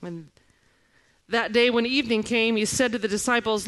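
A woman in her forties preaching a sermon, telling stories and reading scripture with lively expression. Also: a little high, moderate pace. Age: 40s. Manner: animated storytelling, reading scripture aloud. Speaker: guest preacher.

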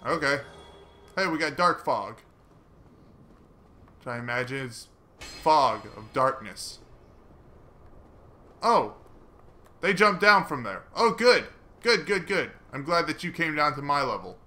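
A man giving casual, chatty commentary while playing a video game, mocking himself and breaking into excited swearing. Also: mid-range voice, slow pace, long pauses. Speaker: gaming let's player.

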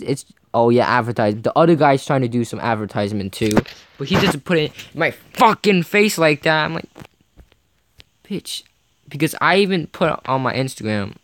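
A man's voice: medium pitch, background noise. A man telling a frustrated, rambling story to camera, re-enacting both sides of a conversation. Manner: frustrated, rambling, heavy on "like" and "you know", re-enacts dialogue. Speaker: vlogger. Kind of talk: casual ranting story to camera.

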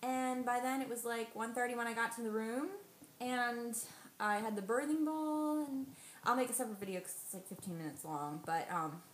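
Young woman, casual vlog storyteller, chatty and animated; echoey room, faint noise. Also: a little high, normal speed. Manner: chatty, animated quoting of others. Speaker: vlogger.

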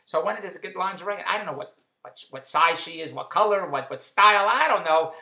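A man's voice: high voice, lively intonation, vocal fry, pushed and bright. A middle-aged man giving a comic birthday monologue for his wife, firing off old-school one-liners and repeating the punchlines. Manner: rapid-fire old-school joke telling, repeating punchlines. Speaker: husband sending a birthday message. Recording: echoey room.

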